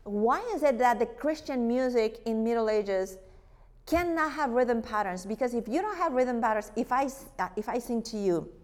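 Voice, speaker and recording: A woman teaching a church group about worship music, lively, asking rhetorical questions. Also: fairly high pitch, normal speed. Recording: long hall reverb.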